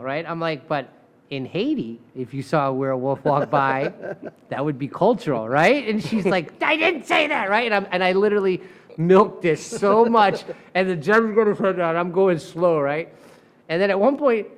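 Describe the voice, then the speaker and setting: A man with a fairly high voice tells courtroom war stories in casual chat, putting on the voices of the people in them. He is loose and profane, and his pace rushes and stalls as he builds to the punchline. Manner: animated, acts out quoted voices, profane. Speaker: defense attorney. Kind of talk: casual storytelling.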